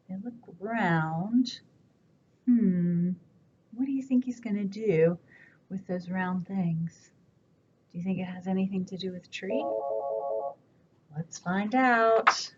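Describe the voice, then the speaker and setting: A woman librarian leading a virtual children's storytime, reading slowly and asking the kids gentle questions, recorded on a camera in a library room. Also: mid-range voice. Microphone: camera on a stand. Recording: dull lo-fi camera audio, faint room hiss.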